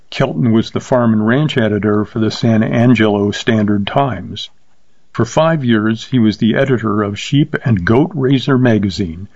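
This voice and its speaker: A man narrating a short story in a steady, measured reading voice. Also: lowish voice, no room sound, muffled recording. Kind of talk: scripted narration.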